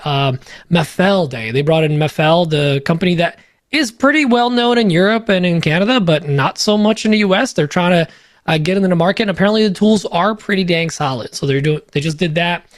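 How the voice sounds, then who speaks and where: A man's voice: sits high, a little fast, dry recording, clean studio sound. Upbeat, joking man reading sponsors. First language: Polish. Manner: upbeat, joking, loose with fillers. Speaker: podcast co-host reading sponsor spots. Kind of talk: casual ad read on a podcast.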